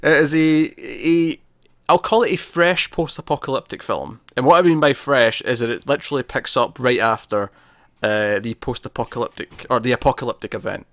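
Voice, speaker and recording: A man co-hosting a casual movie discussion, chatty and quick to laugh, often correcting himself. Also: medium pitch, a bit bright, no echo. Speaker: podcast co-host.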